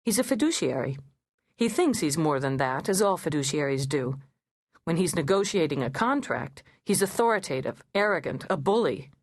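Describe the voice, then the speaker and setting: A woman narrating an audiobook in the first person, in a sardonic, measured manner, recorded in a studio. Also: deep voice, sing-song, no room sound.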